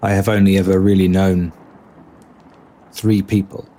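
Guy doing a young druid, wary and kinda awkward, slow careful words, lowish voice. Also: little pitch movement, dark tone. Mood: earnest. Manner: slow, careful, halting speech.

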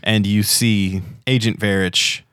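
Low-voiced game master narrating. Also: male voice, slow pace, clean tone, no room sound, clean studio sound. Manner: relaxed, laughing often.

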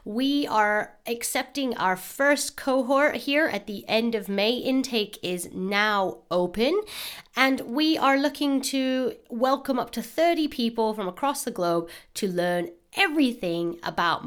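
A woman hosting a podcast, giving an upbeat, eager promotional announcement with animated emphasis. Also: on the high side, measured pace, smooth. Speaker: podcast host.

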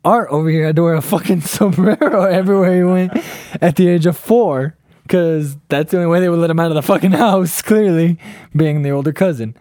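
A man's voice: fairly high pitch, fairly quick, warm tone, no room sound, clean studio sound. A young man from Southern California telling a funny story in a casual chat with friends, swearing and laughing often.

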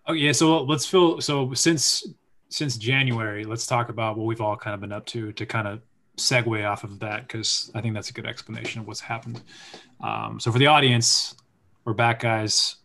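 Man, mid-pitched, co-hosting a casual chat, loose and rambling. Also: steady tone, moderate pace, creaky, sharp tone. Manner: rambling, filler-heavy. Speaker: podcast co-host, actor.

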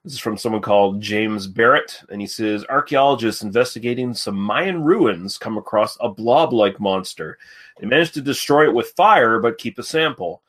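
A man hosting a casual film podcast, relaxed and self-deprecating, often laughing. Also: fairly low pitch, moderate pace, slightly rough. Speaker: podcast host. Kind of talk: casual chat.

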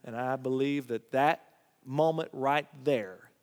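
A middle-aged man, telling a family story and preaching in a folksy way, sometimes dropping to a hushed voice. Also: medium pitch, takes it slowly, in a large hall. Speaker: Bible teacher. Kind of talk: preaching Bible study.

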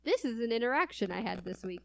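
A woman's voice: a little high, lively intonation, fast talker, gravelly. A woman co-hosting a casual chat show, who laughs often and reads stories out with dry sarcasm. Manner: giggly, chatty, with dry sarcasm. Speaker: podcast co-host.

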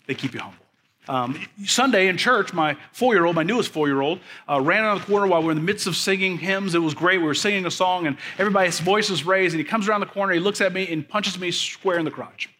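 A man in his thirties preaching a sermon in a high, bright voice. He builds to emphatic, repeated lines. Then he drops to a soft, quiet voice to tell stories about his children. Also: quick pace, a little hiss or hum. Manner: preaching with rising, emphatic repetition. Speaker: pastor.

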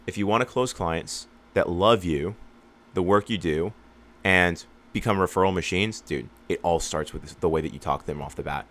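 A man's voice: low voice, normal speed, a bit bright. A young man in casual talk, giving sales advice and acting out both sides of customer calls in a loose, rambling way. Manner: rambling, acts out customer dialogue. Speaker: lawn care business owner and coach.

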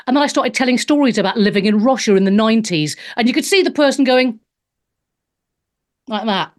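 A woman's voice: medium pitch, fast. A woman in her fifties, a stand-up comedian hosting a show, sarcastically reading out and mocking news headlines, swearing freely. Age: 50s. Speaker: host.

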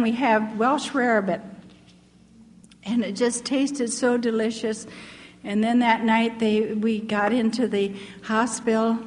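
A woman's voice: on the high side, a little hiss or hum. An older American woman, a missionary, earnestly telling her personal testimony as a story. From United States. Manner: earnest, heartfelt, laughs softly while telling. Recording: long hall reverb.

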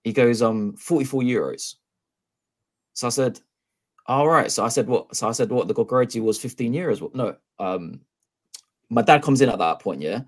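A man's voice: mid-range voice, normal speed. A man telling a long story in casual podcast chat, acting out the dialogue and swearing freely. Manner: animated, acts out both sides of dialogue, swears freely. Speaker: podcast co-host.

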